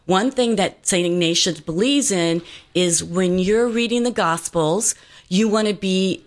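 A woman guest telling a personal story in an earnest, meandering way, full of fillers and restarts. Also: fairly low pitch.

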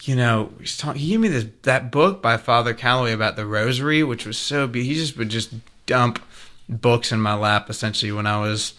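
A man co-hosting a faith talk radio show, telling an animated story in casual chat and laughing often. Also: medium pitch, brisk.

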